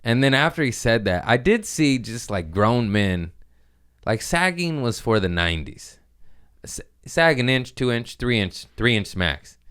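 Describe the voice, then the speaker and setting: A man's voice: mid-range voice, very animated, measured pace, a bit bright, smooth. A young man hosting his own podcast, rambling in crude, self-mocking casual chat. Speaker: podcast host.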